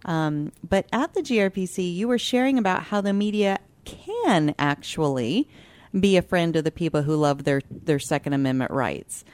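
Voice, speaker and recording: A woman's voice: lowish voice, animated, normal speed, a little mellow, no echo. Cheery lady radio host, chatty, laughs a lot, dry studio sound. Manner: upbeat, laughs easily, chatty with fillers. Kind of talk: talk radio hosting.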